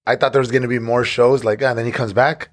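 A man in a laid-back group chat at a brewery, with a voice of ordinary middle pitch. He swears freely and keeps cutting himself off halfway through a thought. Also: flat delivery, fast talker. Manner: loose, swears a lot, trails off mid-sentence. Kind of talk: casual chat.

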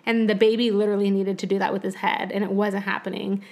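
A young woman casually telling a personal story in conversation, animated and laughing often. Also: mid-range voice, fast.

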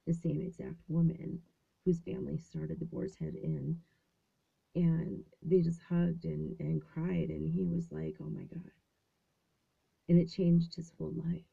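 A woman's voice: lowish voice, gravelly, mellow, husky. A woman in her fifties telling a story in a casual, rambling way with many fillers and restarts, partly whispered, recorded in a small closet on a tinny, phone-like line. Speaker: vlogger.

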